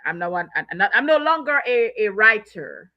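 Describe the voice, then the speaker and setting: A woman's voice: medium pitch, big pitch swings, normal speed, dull audio. A woman guest author in a conversational interview, often repeating herself and laughing as she talks.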